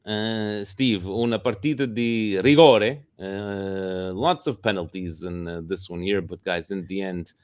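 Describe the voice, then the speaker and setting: Man, low voice, dry sound, casual football podcast co-host, animated, swears. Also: unhurried, few pauses, clear, resonant tone, no room sound. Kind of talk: casual sports talk.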